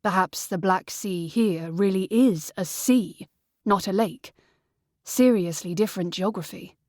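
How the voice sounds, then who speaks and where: A woman reading an audiobook voices a tall, steady young man who speaks calmly and matter-of-factly. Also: medium pitch, measured pace, no echo, studio quality, natural voice.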